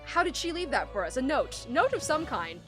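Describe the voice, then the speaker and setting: A young woman streaming a game, excitable and gushing, with frequent gasps. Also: high voice, normal speed. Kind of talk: casual live-stream commentary. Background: faint game music.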